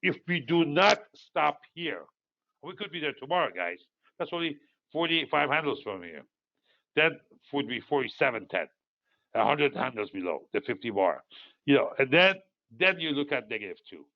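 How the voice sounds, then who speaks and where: A man's voice: mid-range voice, big pitch swings, moderate pace, creaky, lo-fi sound. A man in his sixties from Iran, host of a market commentary, talks casually and rambles through stories with many fillers. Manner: rambling, digressive storytelling with frequent fillers.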